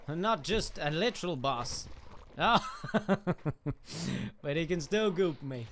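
Excitable man, lively bright voice. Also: a little high, slow, pauses often, a little hiss or hum. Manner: excitable, exclaiming, laughs often. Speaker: gaming YouTuber. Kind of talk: gameplay commentary.

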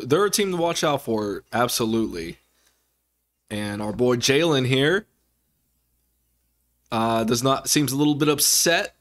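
A man talking casually about his football team in a vlog, rambling with many fillers and restarts. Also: medium pitch. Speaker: sports fan vlogger. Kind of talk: casual sports commentary vlog.

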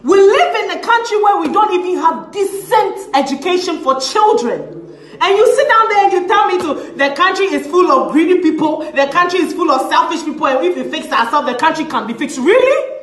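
A woman's voice: very high-pitched, animated, fairly quick, reverberant. A woman with a Ghanaian English accent, an activist ranting on a social media video in an impassioned, confrontational way and mixing in Twi phrases. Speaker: activist campaigner.

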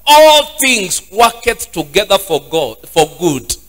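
A man preaches as pastor in a very high voice. He repeats his lines and swings into a sing-song preaching cadence. Faint music plays behind him. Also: sing-song, takes it slowly, a bit bright. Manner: repetitive, rising into sung preaching cadence. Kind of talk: sermon.

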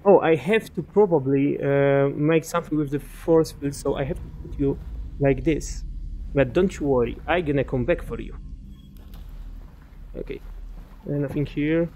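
A man's voice: a little high, moderate pace, long pauses, warm tone, a little hiss or hum. A young man giving casual let's-play commentary, chatting to enemies and muttering asides to himself. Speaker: gaming commentator.

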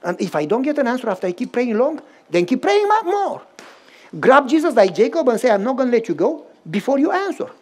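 A man's voice: very high voice, fast, few pauses. A male pastor, preaching as he tells a story and acts out both sides of the dialogue. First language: Romanian. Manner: acts out dialogue with lively voice swings. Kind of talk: storytelling sermon.

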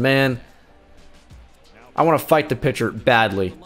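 A young man giving sarcastic play-by-play commentary over his own baseball video game, bursting into shouts of excitement. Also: mid-range voice, moderate pace, long pauses. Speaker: gaming YouTuber. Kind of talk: gameplay commentary. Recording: game music faintly behind.

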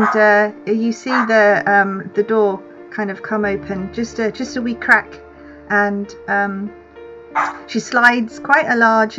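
Lady gm describing scenes slowly, lots of ums, muffled recording with faint music. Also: medium pitch, fairly bright tone. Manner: unhurried, many fillers. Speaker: game master. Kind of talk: narrating a tabletop game.

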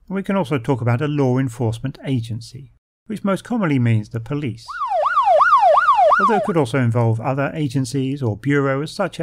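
A man teaching vocabulary in a clear, methodical way, with the odd dry joke. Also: mid-range voice. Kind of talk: explanatory vocabulary lesson.

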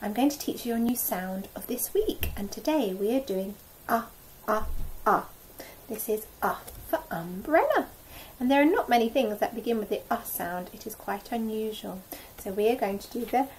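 A woman teaching a phonics lesson to nursery children, sounding out letters slowly in an exaggerated, encouraging way. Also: medium pitch, darkish tone, a little hiss or hum, low-quality recording. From England. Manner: drops to a whisper now and then.

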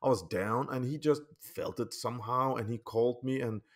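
A man who is not a native English speaker, talking through a falling-out with a friend in a rambling, heated monologue, often checking "okay?" and swinging between loud outbursts and quiet asides. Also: mid-range voice, normal speed. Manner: rambling, repetitive, keeps asking "okay?". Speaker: channel host. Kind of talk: emotional personal vlog monologue.

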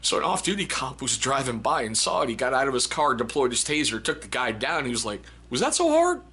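A man's voice: medium pitch, fast talker, bright, forceful tone, breathy edge. A man hosting a casual book review video, reading funny excerpts aloud and laughing often. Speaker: book review channel host.

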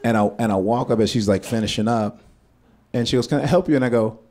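A man in his thirties telling a stand-up story on stage. He drops into hushed asides and bursts into loud, profane punchlines. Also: on the low side, steady tone, fast talker, slight background noise. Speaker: stand-up comedian. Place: comedy stage before a live audience.

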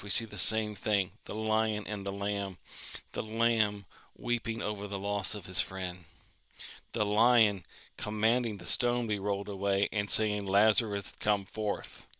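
A man's voice: lowish voice, sharp tone, no room sound. A man preaching a sermon in an earnest way, repeating phrases to build emphasis.

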